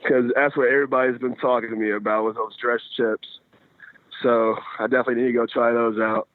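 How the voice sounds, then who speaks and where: A man's voice: mid-range voice, little pitch movement, fast, dry recording. A young man in his twenties talks over a tinny phone line with a dry, close sound. He answers in an easygoing way and often loops back to restart his phrases. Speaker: guest baseball pitcher. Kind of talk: casual interview answers. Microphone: phone call.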